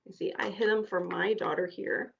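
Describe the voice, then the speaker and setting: A woman children's minister giving a live storytime, reading a picture book aloud to children with an expressive read-aloud manner. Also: lowish voice, normal speed, gravelly, muffled recording, a little hiss or hum. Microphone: livestream device.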